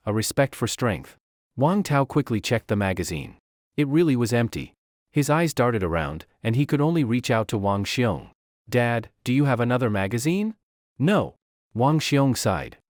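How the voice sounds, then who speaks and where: A man's voice: medium pitch, no echo, clean studio sound. A man narrating a comic story recap in a dramatic storytelling manner.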